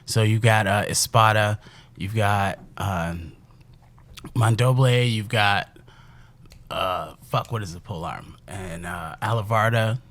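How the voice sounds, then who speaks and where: A man's voice: fairly low pitch, slow pace. A young man from Chicago, a podcast guest telling stories in casual chat, swearing freely and laughing as he goes. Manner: profane, laughing, animated storyteller. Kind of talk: casual storytelling.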